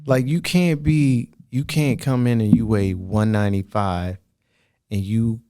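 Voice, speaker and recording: A man's voice: on the low side, unhurried, no room sound, clean studio sound. A man, a plastic surgeon, chatting casually on a podcast, joking and filling his talk with "like". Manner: relaxed, joking, many "like" fillers.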